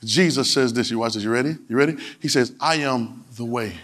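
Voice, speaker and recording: A man's voice: mid-range voice, a little fast, a bit bright. A man preaching a sermon in a colloquial manner, repeating phrases and urging the congregation to answer back. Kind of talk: sermon with call-and-response.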